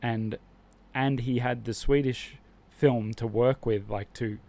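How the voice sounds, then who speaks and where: A man's voice: mid-range voice, fairly even intonation, slow pace, darkish tone. Guy rambling on his stream, mid voice, strong opinions, lots of restarts. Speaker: live-stream host. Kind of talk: casual live-stream chat.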